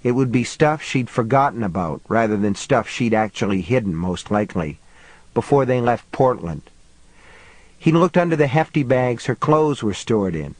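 A man reads a novel aloud in a steady, measured voice at a middle pitch. The recording is close and completely dry, like a booth read. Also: no echo, rough recording. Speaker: audiobook narrator. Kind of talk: scripted narration.

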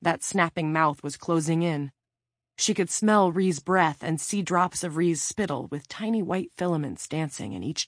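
A woman reads a novel aloud in a steady, measured way. Her voice sits very low, and the recording is dry and close with no room echo. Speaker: audiobook narrator. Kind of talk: scripted narration.

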